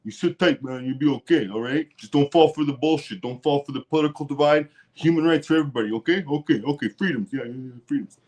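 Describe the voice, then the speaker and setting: A man's voice: a little high, quick pace, darkish tone. A Canadian man hosting his own show, ranting angrily and swearing heavily, now and then mocking others in sarcastic voices. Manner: profane and heated, mocking voices. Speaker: livestream host. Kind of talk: angry political rant.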